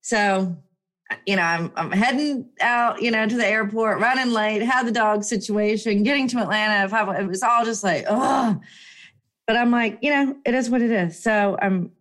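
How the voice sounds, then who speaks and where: A woman telling a personal story in a chatty, emphatic way, her voice jumping up when excited. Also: moderate pace. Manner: chatty, animated, emphatic with swings up in pitch. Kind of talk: casual storytelling monologue.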